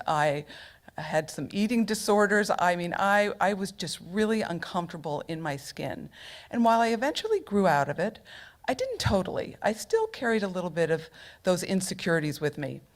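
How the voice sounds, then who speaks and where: A middle-aged woman telling a personal story on stage at a local storytelling event, humorous and chatty, full of asides. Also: mid-range voice.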